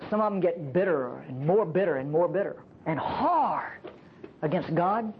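Animated woman preaching a sermon. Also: on the low side, normal speed, highs cut off, a little hiss or hum. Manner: animated, emphatic, asks the audience rhetorical questions.

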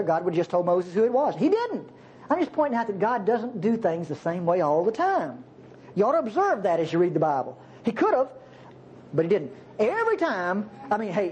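A man's voice: high voice, a little mellow, slight background noise. A man preaching a sermon, teaching the Bible in a folksy, chuckling way. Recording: dull lo-fi sermon recording.

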